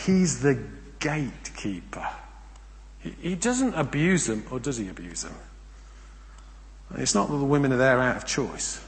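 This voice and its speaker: A man preaching a sermon, emphatic, asking rhetorical questions and swinging between loud and hushed delivery. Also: medium pitch, very animated, unhurried, long pauses. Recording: long reverb of a large hall.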